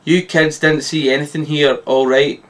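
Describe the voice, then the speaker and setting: A man voicing the Doctor, a gruff, impatient male time traveller who snaps at the kids. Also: a little high, flat delivery, moderate pace, fairly bright tone, lightly acted. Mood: curt. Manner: curt, snapping.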